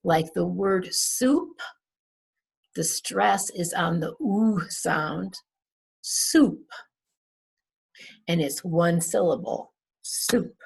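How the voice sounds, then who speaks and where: A woman's voice: lowish voice, slow pace, creaky, husky. A woman English teacher recapping a class, patiently repeating words to model their stress. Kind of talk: recorded class recap, slow and deliberate.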